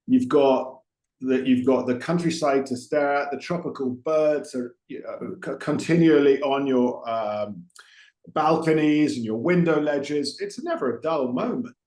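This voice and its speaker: Speaking a little slowly, a man with a medium-pitched, darkish voice hosts a podcast interview. He digresses chattily, often restarting and using fillers, and the recording carries a roomy echo.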